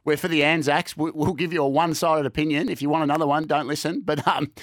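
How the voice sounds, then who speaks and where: An Australian man with a slightly higher voice chats loosely about fights, circling back and restarting his sentences. The sound is dry and close, with no room around it. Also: fairly even intonation, fast, no echo. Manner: chatty, rambling with many restarts and fillers. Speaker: sports podcast co-host. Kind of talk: casual sports chat.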